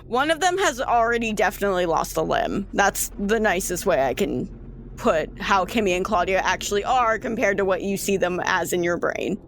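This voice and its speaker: A woman's voice: mid-range voice, animated, moderate pace, background noise. A woman narrating a tabletop game as game master, casual and rambling with lots of fillers. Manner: casual, rambling with many fillers and frequent laughs.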